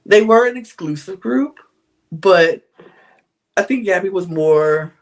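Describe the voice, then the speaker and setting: A woman's voice: mid-range voice, expressive, takes it slowly. A woman hosting a podcast, giving a candid, chatty recap of a reality show, with frequent sighs and laughs. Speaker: podcast host.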